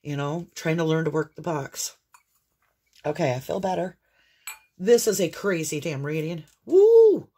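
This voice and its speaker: A woman's voice: low-pitched, normal speed, long pauses, a little mellow, slightly rough. A woman giving an intuitive tarot reading to viewers, earnest and exclamatory, with fits of coughing. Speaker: tarot reader.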